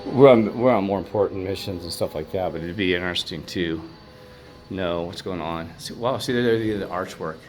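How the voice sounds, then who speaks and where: Low-voiced man rambling through an old hotel. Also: moderate pace, darkish tone, faint music behind. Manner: musing, talks to himself while exploring; calls out commandingly to a spirit. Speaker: paranormal investigator vlogger. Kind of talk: rambling walk-through commentary.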